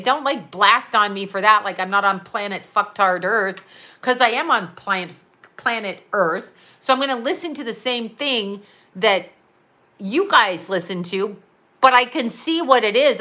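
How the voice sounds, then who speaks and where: Middle-aged woman ranting live, rambly and sweary, bright sharp voice, pitched a bit high. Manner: rambling, profane, animated, talks straight to viewers. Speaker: psychic medium and astrologer. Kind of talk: livestream rant.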